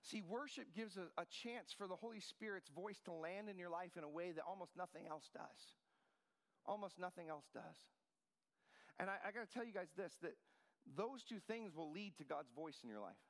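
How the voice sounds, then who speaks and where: A man's voice: on the high side, long reverb tail. A man in his forties preaching a sermon, telling a personal story in a conversational style. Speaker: pastor.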